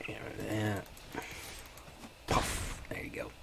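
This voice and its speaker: A man's voice: drawn-out words, heavy background noise. A man streaming a card game, chatting in a laid-back, rambling way with his viewers. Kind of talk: casual gameplay chat.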